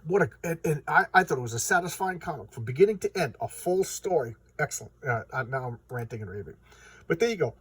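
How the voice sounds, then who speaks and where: A man's voice: medium pitch, animated, fast talker, fairly bright tone, slightly rough, dry recording, far from the mic. A man reviewing a comic book in a casual vlog, enthusiastic and rambling with many restarts.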